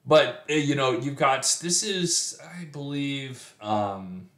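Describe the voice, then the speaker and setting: A man reading a sonnet aloud, then explaining it like a teacher, often pausing with fillers and restarting. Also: mid-range voice, expressive, a bit bright. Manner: slow and measured, with frequent fillers and restarts. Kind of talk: poetry reading and lesson. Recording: roomy echo.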